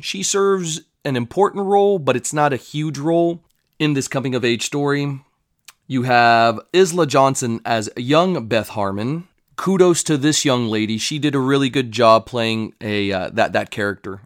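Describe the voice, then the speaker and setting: Dude rambling through a show review, dry no-room sound, medium voice. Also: male voice, medium pitch, moderate pace, no echo. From United States. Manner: rambling, loose, with swearing asides.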